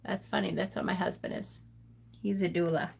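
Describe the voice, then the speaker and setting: A woman's voice: lowish voice, steady tone, brisk, creaky, husky. A woman hosting a live stream in a chatty way, laughing often as she reads aloud and answers her chat. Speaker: host of a tarot channel.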